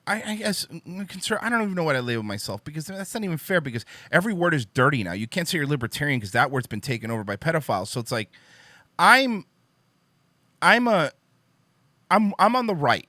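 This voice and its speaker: Young male podcast host, high bright voice, emphatic profane ranting, dry close sound. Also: sing-song, fast, no echo. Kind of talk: casual opinion monologue.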